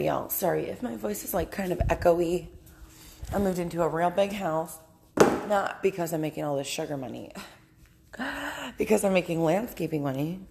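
Brief: young woman, hungover podcast host, blunt and profane, low-ish gravelly voice. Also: normal speed, mellow, a little hiss or hum. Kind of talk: casual monologue podcast. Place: her house, indoors.

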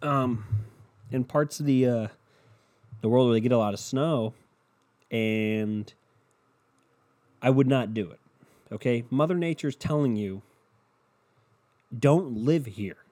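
A man's voice: mid-range voice, measured pace, long pauses, darkish tone. A young man hosting his own podcast, ranting in a rambling, profane, worked-up way. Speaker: solo podcast host. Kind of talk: casual unscripted rant.

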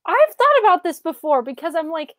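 A woman's voice: very high-pitched, very animated, brisk, a bit bright, no room sound. A woman in a casual podcast chat who laughs often and acts out little scenes. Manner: giggly, acts out bits in funny voices. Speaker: podcast co-host.

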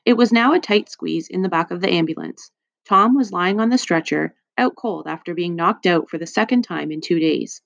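A woman narrating a children's audiobook with lively storytelling. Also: lowish voice, moderate pace, gravelly, dry recording, muffled recording. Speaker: audiobook reader.

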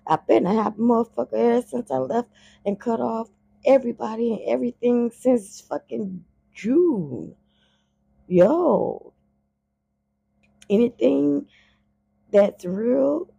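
A woman's voice: a little high, gravelly, husky, dry recording, highs cut off. A woman, talking in a blunt, profane, casual monologue as a podcast host. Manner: blunt and profane, heated and animated when worked up.

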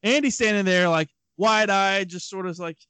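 A man's voice: sits high, moderate pace, sharp tone, smooth, no room sound. A man in his thirties, co-hosting a casual podcast and telling a long rambling story with lots of restarts and fillers. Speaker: podcast co-host.

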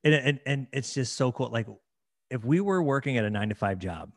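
A man's voice: medium pitch, expressive, fairly quick, dry recording, clean studio sound. A man hosting a casual interview, enthusiastic and often restarting his sentences. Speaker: podcast host.

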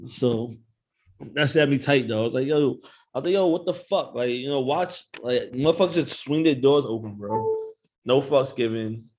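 A man chats in a laid-back, profane way at a mid pitch. He laughs easily and drags his phrases out, sometimes trailing off quietly. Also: normal speed. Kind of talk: casual chat.

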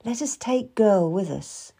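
Woman doing a sad lonely widow, soft and shy, talks slow, audiobook. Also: medium pitch, lively intonation, vocal fry, husky, heavily acted. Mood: sorrowful. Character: grieving Puritan widow, lonely, gentle and shy. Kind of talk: audiobook reading.

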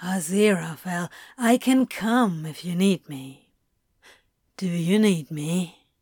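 A woman voicing a calm, teasing male demon with a rich, smooth voice and an unhurried, coaxing way of talking. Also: on the low side, no echo, studio quality, pitched below the performer's own voice.

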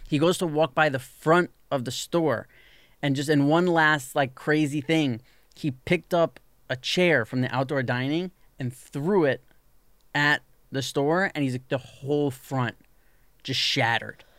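A man's voice: fairly high pitch, unhurried, no echo, clean studio sound. A man telling a long story in casual podcast chat, full of "like" and acting out what people said. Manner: animated storyteller, lots of "like", acts out quoted people.

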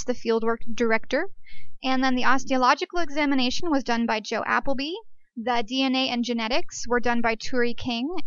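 A woman's voice: fairly high pitch, a bit bright, no room sound, lo-fi sound. A woman hosting an archaeology show, talking casually and joking between facts. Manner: chatty and jokey, self-deprecating asides. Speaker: podcast host. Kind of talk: casual educational monologue.

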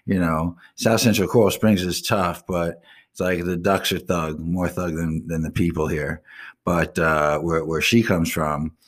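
Young South Florida man, very deep voice, crude and profane host rant. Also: level tone, a little slow. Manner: crude, blunt, swearing constantly. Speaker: radio show host. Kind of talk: profane ranting monologue.

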